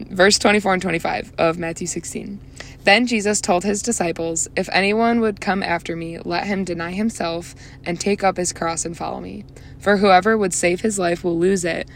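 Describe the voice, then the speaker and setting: A woman's voice: lowish voice, creaky, slight background noise. A young woman hosting a solo faith podcast, talking in a chatty, earnest way with many fillers. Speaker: podcast host.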